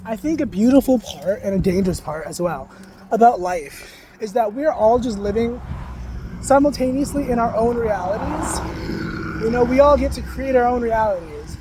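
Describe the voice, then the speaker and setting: A man's voice: very high voice, animated, moderate pace, noisy background. A man vlogging casually about spiritual ideas, in a loose, rambling way full of fillers, now and then swearing bluntly. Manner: frank, sometimes swearing.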